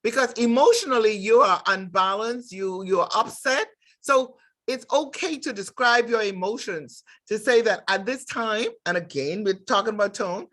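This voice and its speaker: A woman's voice: mid-range voice, moderate pace, a bit bright. Middle-aged woman, direct instructor, emphatic lecture delivery. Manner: emphatic, direct, acts out workplace dialogues. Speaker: nursing instructor. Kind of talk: lecture with acted examples.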